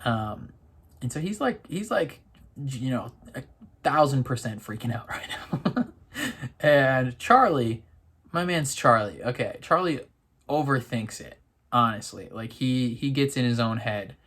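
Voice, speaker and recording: Slow, giggly rambling man reacting. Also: medium pitch, animated, fairly bright tone, breathy edge. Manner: rambling, giggly, lots of fillers and restarts. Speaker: reaction video host. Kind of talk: casual reaction commentary.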